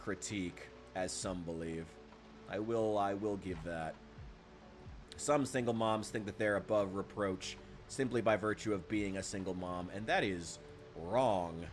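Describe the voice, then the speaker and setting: A man streaming a game, ranting heatedly with lots of swearing and answering his chat, often trailing off into quiet, muttered asides. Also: fairly low pitch. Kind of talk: casual live-stream talk, reacting to chat.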